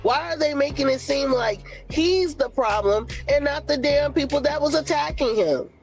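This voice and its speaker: A woman's voice: high voice, normal speed, faint music behind. A woman co-hosting a casual livestream, speaking with passion and indignation. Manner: passionate, indignant, talks it through. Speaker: livestream co-host.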